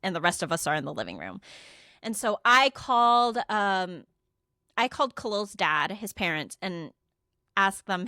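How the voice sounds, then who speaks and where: A young woman with a bright, forceful voice tells a story on a podcast, swearing freely and voicing each person's lines. The sound is close and dry. Her pitch sits at an ordinary middle height. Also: moderate pace, dry recording. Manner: profane, animated retelling with quoted dialogue. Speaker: podcast co-host. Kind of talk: casual storytelling chat.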